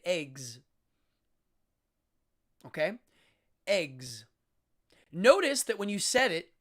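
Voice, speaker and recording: A live-stream host in their fifties talks through a casual solo monologue at an unhurried pace. The voice sits in a middle register. The diction is precise and teacherly, with sounds acted out and words drawn out for emphasis. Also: medium pitch, a bit bright. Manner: deliberate, careful enunciation with drawn-out emphasis; demonstrative, teacherly, acts out sounds.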